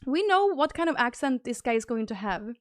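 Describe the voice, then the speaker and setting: High-voiced woman streamer chatting casually. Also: brisk, no echo, studio quality. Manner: chatty, thinks aloud while fiddling with stream settings; bursts into high excited thanks for gifted subs. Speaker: livestream host. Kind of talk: casual live-stream chat.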